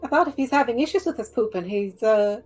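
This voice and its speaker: A woman's voice: a little high, expressive, quick pace, a little mellow, soft background music, low-quality recording. A woman player describing her character's actions in casual tabletop game chat.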